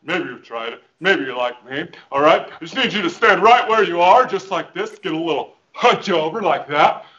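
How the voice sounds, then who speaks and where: A man's voice: fairly high pitch, lively intonation, moderate pace, few pauses, sharp tone, dull audio. A man playing a goofy, overconfident fitness coach who also preaches, with hammy, over-the-top motivational patter over a video call. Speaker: fitness guest. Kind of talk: comic character interview over video call. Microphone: headphones with mic.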